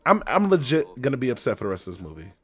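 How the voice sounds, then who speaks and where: A man's voice: medium pitch, wildly swooping pitch, racing, breathy edge, faint music behind. A young man hosting a movie reaction video, talking to his viewers in casual commentary, exasperated and swearing often.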